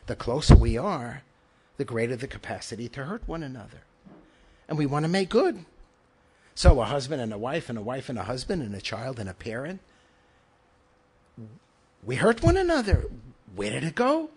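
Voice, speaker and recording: A man's voice: medium pitch, big pitch swings, normal speed, pauses often, a little mellow, husky. A man, a rabbi, giving an emphatic Torah lecture, asking rhetorical questions and weaving in Hebrew and Yiddish terms.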